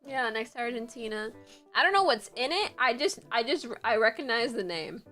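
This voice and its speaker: A woman's voice: a little high, big pitch swings, normal speed, pushed and bright, soft background music. A woman streamer chatting casually on a livestream, often repeating words back to herself.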